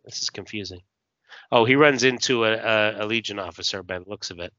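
A man's voice: fairly low pitch, brisk, bright, forceful tone, no echo, highs cut off. A man hosting a casual podcast, recapping a comic with many fillers and reading the panels aloud. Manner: hesitant, many fillers, acts out dialogue.

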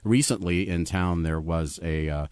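A man's voice: low voice, moderate pace, darkish tone, smooth, no echo, studio quality. A man, a sommelier guest on a radio talk show, explaining wine with knowledgeable enthusiasm. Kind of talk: radio interview.

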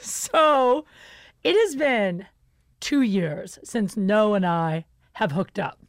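A woman's voice: mid-range voice, animated, slow, no room sound, clean studio sound. A woman hosting a podcast, chatting casually with a candid, confessional manner and some swearing. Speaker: podcast host.

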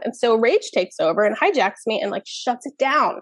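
Animated fairly high-voiced woman, dry sound. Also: normal speed, no echo. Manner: animated storytelling, many fillers. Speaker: parenting expert guest. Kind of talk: casual podcast conversation.

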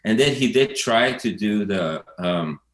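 A man's voice: lowish voice, animated, a little slow. A man in an interview, telling stories in a loose, rambling way. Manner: rambling, storytelling, laughs while recounting. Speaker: documentary director, guest. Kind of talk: casual interview talk. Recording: echoey room.

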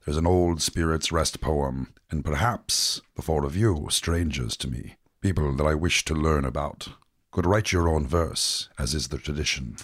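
Huge festive spirit of hospitality, very deep and booming, grand and welcoming, man putting it on, dry close mic. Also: normal speed, a bit bright, dry recording. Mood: solemn. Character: huge jovial male hearth spirit. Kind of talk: tabletop role-play voice.

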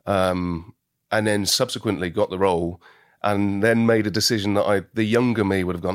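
A man's voice: lowish voice, steady tone, fairly quick, dry recording, studio quality. A British actor in a casual interview, reflective and laughing easily, often restarting his sentences. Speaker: actor, guest.

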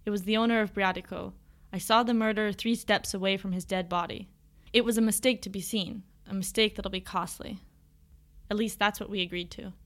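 A woman's voice: medium pitch, steady tone, brisk, natural voice. A woman reading as a sneaky older brother. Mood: grim. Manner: evasive, hushed, conspiratorial. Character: secretive scheming young man, an older brother. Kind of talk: audiobook character voice.

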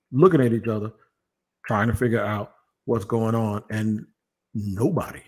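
A man hosting a casual sports podcast, talking in an animated, jokey, rambling way. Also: mid-range voice. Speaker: podcast host.

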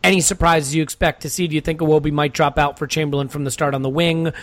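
A man's voice: on the high side, flat delivery, quick pace. Man hosting a chatty podcast. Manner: chatty, joking, moderates the discussion. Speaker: podcast host. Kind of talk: casual chat.

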